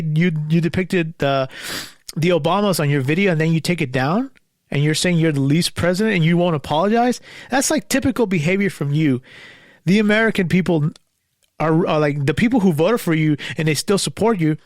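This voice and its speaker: A man's voice: fairly high pitch, no room sound, studio quality. Angry profane man ranting solo. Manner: angry, profane, repeats himself, yells at times. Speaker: podcast host. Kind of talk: solo commentary rant.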